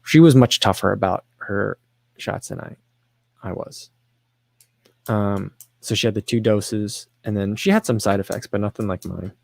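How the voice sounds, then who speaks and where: A man's voice: fairly low pitch, steady tone, normal speed, creaky, a little mellow, no echo. A man hosting a casual livestream, reading viewer questions and rambling about running shoes in a self-deprecating way. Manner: rambling, self-deprecating, with frequent restarts and fillers.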